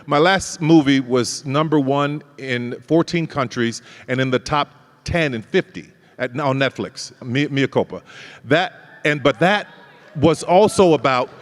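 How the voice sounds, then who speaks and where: A man telling his life story as a guest in an interview, animated, acting out other people's lines and laughing often. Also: medium pitch, long reverb tail.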